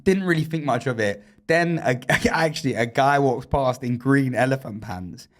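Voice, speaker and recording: A man's voice: medium pitch, expressive, moderate pace. A young man hosting a podcast, telling a rambling, laughing story in casual chat and swearing a lot. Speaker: podcast host.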